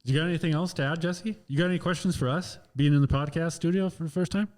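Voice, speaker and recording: A man's voice: a little high, fast, a little mellow. A man hosting a podcast in casual chat, often stammering and restarting his sentences. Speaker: podcast host.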